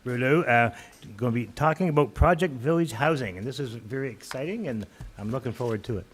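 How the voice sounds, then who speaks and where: A man chairing a town council meeting, moving briskly through procedure with light asides. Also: medium pitch. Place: council chamber.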